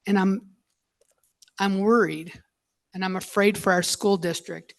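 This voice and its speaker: A school board member, a woman, speaking at a public meeting in an emotional, halting way, choked up and apologizing as she goes. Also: medium pitch, steady tone, gravelly.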